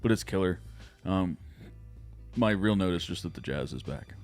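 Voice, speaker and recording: A man's voice: deep voice, animated, moderate pace, a little mellow, faint music behind. A man in casual podcast chat, reviewing an album with enthusiasm and frequent restarts. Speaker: podcast co-host.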